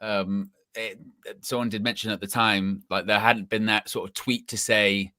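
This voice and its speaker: Low, bright-toned guy chatting football. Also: level tone, moderate pace, dry recording, clean studio sound. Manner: chatty storyteller, repeats and restarts. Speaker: co-host. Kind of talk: casual football chat.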